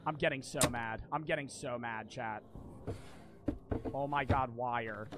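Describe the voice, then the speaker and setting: A young man streaming a horror game, swearing constantly and repeating himself as he swings between muttering and yelling. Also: medium pitch, a little slow, over loud music. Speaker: gaming streamer. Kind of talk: frustrated let's-play commentary.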